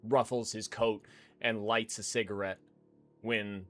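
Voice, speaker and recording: Slow, dramatic male game master. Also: lowish voice, flat delivery, fairly bright tone. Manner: vivid, dramatic narration. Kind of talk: narrating a tabletop game.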